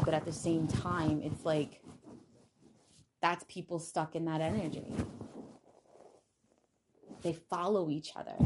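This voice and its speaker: A woman with a slightly low voice talks straight to her viewers in a casual spiritual monologue. She is blunt and defiant, and she swears freely as she makes her points. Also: noisy background. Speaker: vlogger.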